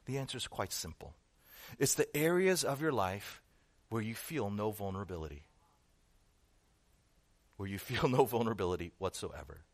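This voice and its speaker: Animated emphatic male preacher. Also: fairly low pitch, normal speed, pauses often. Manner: emphatic, with rhetorical questions and repetition. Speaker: pastor. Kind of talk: sermon.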